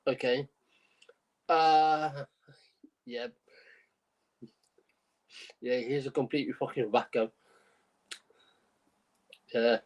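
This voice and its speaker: A man co-hosting a podcast, reading out a news story in a halting, amused way and restarting his sentences. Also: medium pitch, poor audio. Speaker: podcast co-host.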